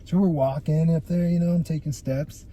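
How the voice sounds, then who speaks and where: A man's voice: on the high side, moderate pace. A young man telling stories as a guest on a casual podcast, swearing freely and peppering his talk with "dude" and "like.". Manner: animated, profane storytelling with lots of "dude" and "like". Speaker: guest photographer.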